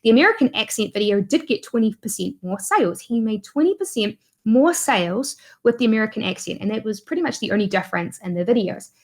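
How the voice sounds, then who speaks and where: A woman's voice: on the high side, lively intonation, quick pace, few pauses. A woman with a New Zealand accent, a guest YouTuber chatting casually in an interview, laughing often and using lots of fillers.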